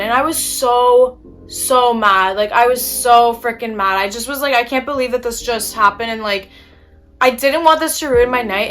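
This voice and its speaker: Young woman vlogging, bright slightly high voice, chatty and fed up, faint music behind. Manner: chatty, exasperated storytelling with casual swearing. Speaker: beauty vlogger. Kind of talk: casual storytime chat while doing makeup.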